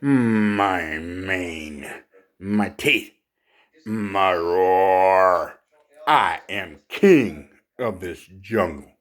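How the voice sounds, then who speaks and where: A man's voice: low voice, expressive, very slow, a bit bright, heavily acted. A man doing a proud, boastful male lion king in a stand-up bit, strutting and self-important.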